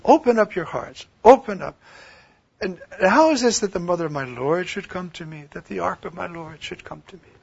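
A man preaches with a high, gravelly voice, rising to loud declaiming and dropping to hushed near-whispers. The recording is dull and lo-fi. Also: expressive, brisk, hardly any pauses. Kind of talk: sermon.

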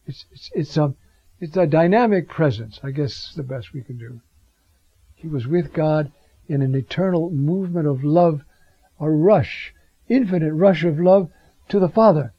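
A man teaching scripture in a reflective way, with frequent rhetorical asides and drawn-out readings of Greek phrases. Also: a little high, slightly rough, no room sound. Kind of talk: bible teaching talk. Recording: dull lo-fi sound.

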